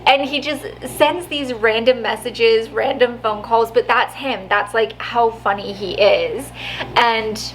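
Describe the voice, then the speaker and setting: A woman's voice: a little high, slow, slight background noise, rough recording. A woman vlogger telling a story in a chatty way, laughing often and saying "like" a lot. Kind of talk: casual storytelling vlog.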